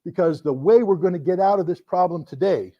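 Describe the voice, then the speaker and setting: A middle-aged man telling a story to an audience, animated, acting out the voices in his anecdotes. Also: high voice, fairly quick. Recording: dull lo-fi recording.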